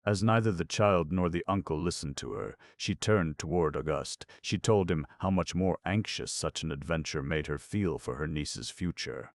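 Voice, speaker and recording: An audiobook narrator with a very deep, gravelly male voice reads scripted narration at a moderate pace. The recording is dry and of studio quality.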